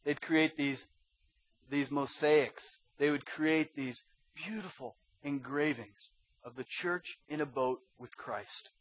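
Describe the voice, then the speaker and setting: A man preaching a sermon as pastor, emphatic and conversational, swinging from loud insistence to hushed intensity. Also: fairly high pitch, takes it slowly. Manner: conversational with slang asides. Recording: dull lo-fi sermon recording.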